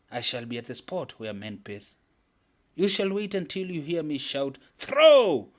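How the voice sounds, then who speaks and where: A man voicing a scheming, excitable male squirrel trickster in a told folktale, shrill and emphatic. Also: lightly acted.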